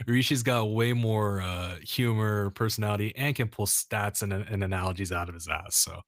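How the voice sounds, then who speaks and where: A man's voice: on the low side, steady tone, normal speed, no room sound, clean studio sound. An American man co-hosting a casual football chat, easygoing and self-mocking, laughing often. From United States.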